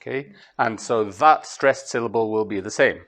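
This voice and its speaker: A Scottish man giving a master class on translation, talking to students in a lively way and chanting rhythms aloud. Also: fairly low pitch, moderate pace. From Scotland. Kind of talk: lecture to students. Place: lecture hall.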